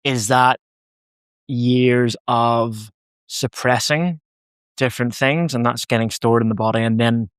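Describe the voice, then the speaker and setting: An Australian man hosting a podcast, relaxed and conversational, swearing now and then. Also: medium pitch, measured pace, clear, resonant tone, no echo, studio quality. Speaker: podcast host. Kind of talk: casual interview chat.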